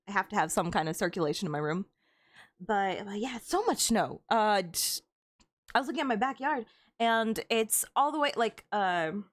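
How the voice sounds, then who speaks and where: A young woman streaming a game, chatting casually with frequent giggles and stammered restarts. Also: mid-range voice. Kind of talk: casual chat while gaming.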